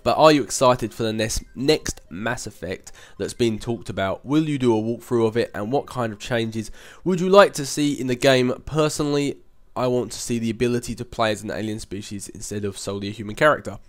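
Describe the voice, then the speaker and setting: In a casual Q&A on his channel, a young man with a medium-pitched voice talks a little fast. He's chatty and rambling, laughs frequently, and uses filler hums.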